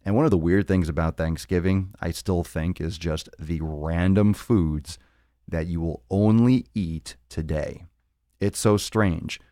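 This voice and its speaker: A man's voice: sits low, unhurried, warm tone, no room sound, studio quality. A man hosting a live fitness podcast, talking in a rambling, joking way with plenty of swearing. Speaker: podcast host. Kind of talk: casual live-stream monologue.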